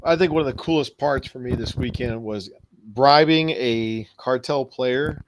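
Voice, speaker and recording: A man's voice: medium pitch, moderate pace, a little hiss or hum, low-quality recording. A man telling a story in casual panel chat, acting out other people's lines.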